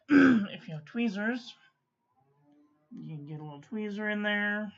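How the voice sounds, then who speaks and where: A woman hosting a casual live-streamed ink review, chatting to viewers and often clearing her throat. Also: mid-range voice, animated, unhurried, dull audio, faint music behind. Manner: chatty, frequent throat-clearing, drops to mutters.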